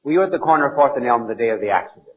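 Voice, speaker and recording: A man playing an impatient male prosecuting attorney who fires off quick, pressing questions in an old, narrow-sounding archival recording. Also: medium pitch, expressive, close to an everyday voice.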